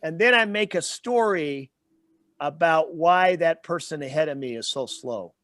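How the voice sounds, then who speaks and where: Male guest trainer, a fairly high voice, dry close sound, explains in plain everyday examples. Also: expressive, a little slow, a bit bright, no room sound. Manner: explains with everyday examples and stops to check in with "okay?". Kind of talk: interview explanation.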